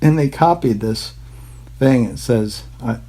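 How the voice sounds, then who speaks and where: A man's voice: mid-range voice, measured pace, mellow, rough recording. A man hosting his own channel, rambling casually and irreverently about old maps, swearing and mocking himself. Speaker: YouTube channel host.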